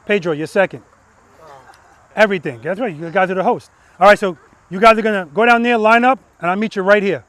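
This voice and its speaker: A man with a notably high voice runs an outdoor motorcycle lesson among the cones. He talks emphatically, repeats cue words in a steady rhythm, and checks in with a quick "right?" after each point. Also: slight background noise. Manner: peppers instructions with "right?". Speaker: motorcycle riding instructor. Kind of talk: hands-on coaching in a riding lesson. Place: outdoor practice lot with cones.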